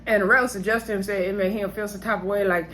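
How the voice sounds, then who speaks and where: A woman's voice: medium pitch, fairly even intonation, fast, a bit bright. Chatty woman recapping reality TV. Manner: chatty, talks straight to viewers, laughs often. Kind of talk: casual episode recap.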